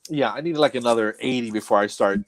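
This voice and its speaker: A man's voice: mid-range voice, fast talker. A middle-aged man spins a rambling, self-mocking story in easy conversation. He chuckles between lines as he talks. His voice sits in an ordinary middle range. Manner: self-deprecating, laughs through his stories. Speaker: comedian guest. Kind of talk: casual storytelling chat.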